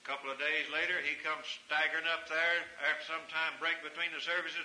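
A man's voice: a little high, flat delivery, brisk, hardly any pauses. Male preacher, fervent and dynamic, recorded in an echoey room with hiss. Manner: fervent, swings from hushed to shouting. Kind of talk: sermon.

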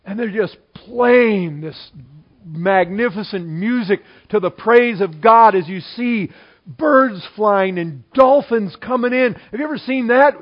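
A male preacher with a high-set voice delivers a sermon. His delivery is animated and jumps from loud exclamation to soft aside. The recording is slightly muffled and lo-fi.

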